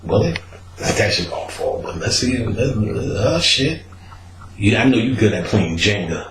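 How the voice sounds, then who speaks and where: Casting note: podcast host, male, animated storyteller, roomy echoey sound. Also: unhurried, a little hiss or hum. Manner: animated, acts out quotes with big pitch jumps and laughter. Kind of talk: casual storytelling.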